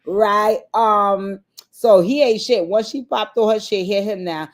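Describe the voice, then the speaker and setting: A woman giving a casual, animated recap of a reality TV episode to her viewers, chatty and free with swearing, acting out the people she quotes. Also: mid-range voice, a little slow.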